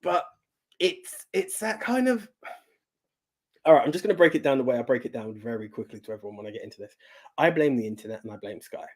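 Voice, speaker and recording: A man's voice: mid-range voice, lively intonation, fast talker, darkish tone. Young man musing on a podcast. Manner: earnest, rambling opinions with laughs. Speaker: podcast co-host. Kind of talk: casual chat.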